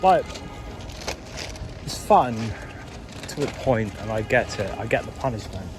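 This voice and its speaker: A man's voice: fairly low pitch, big pitch swings, measured pace, music in the background. A young man vlogging as he walks through city streets at night. He is drunk and tired, and he swears and rants as he grumbles to his viewers. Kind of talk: casual walking vlog. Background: traffic and street noise.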